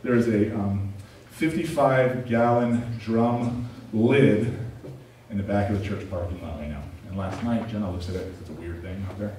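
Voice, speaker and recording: A pastor preaching a sermon, telling personal stories with animated, self-deprecating humor. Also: male voice, fairly low pitch, moderate pace. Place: church sanctuary. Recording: very echoey room, distant mic, faint noise.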